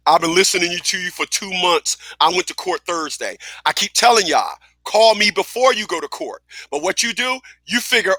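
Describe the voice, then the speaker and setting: Radio host, man, high bright voice, emphatic and profane, dry booth. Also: normal speed, dry recording. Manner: blunt, emphatic, profane, repetitive. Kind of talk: casual talk radio monologue.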